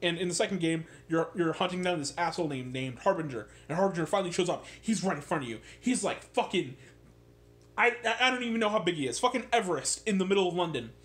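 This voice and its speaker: A man ranting about a video game in a casual, sarcastic way, swearing a lot and getting animated. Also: high voice, fast talker. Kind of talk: casual profane rant.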